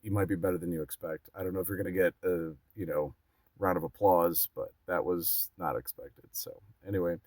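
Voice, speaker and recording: A man's voice: sits low, fairly even intonation, brisk, darkish tone, dry recording. A man vlogging casually, telling a rambling story full of fillers and restarts.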